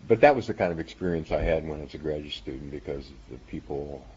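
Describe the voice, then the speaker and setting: A man's voice: a bass voice, animated, fast talker, slightly rough, lo-fi sound. An older man who is a physicist, telling stories from his graduate school years and chuckling at times. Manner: warm storytelling with chuckles. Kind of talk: reminiscing interview.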